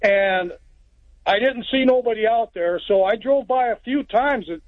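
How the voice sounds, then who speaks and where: Calling a radio program from Texas, this man spins a plainspoken, meandering tale full of restarts. His voice is extremely high and his pace measured, carried over a tinny phone line with no echo.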